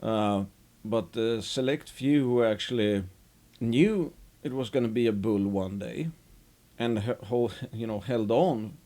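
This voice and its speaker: A man giving casual, unhurried investing commentary as host of his own show, rambling a bit with restarts. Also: medium pitch, mellow.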